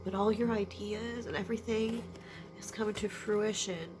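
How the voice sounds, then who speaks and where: A woman giving a spiritual energy reading to viewers at home, speaking in a halting way with sighs and apologetic asides. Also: mid-range voice, fairly even intonation. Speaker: intuitive energy reader. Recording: noisy background ambience.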